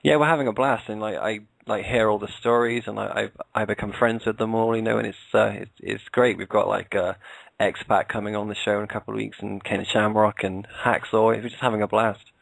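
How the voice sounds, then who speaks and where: A man's voice: fairly low pitch, fairly even intonation, a little fast, vocal fry, a bit bright, dry recording, low-quality recording. A British man, a podcast co-host, chatting casually as an interview guest, hesitant with many fillers and restarts. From England.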